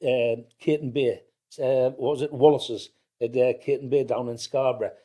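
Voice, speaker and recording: A man's voice: mid-range voice, fairly even intonation, normal speed, warm tone. A man in his fifties from County Durham with a North East English accent, telling family stories in a casual chat and often restarting words. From County Durham, England. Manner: anecdotal, repeats words as he restarts, mimics others in quotes. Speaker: podcast guest, family business owner.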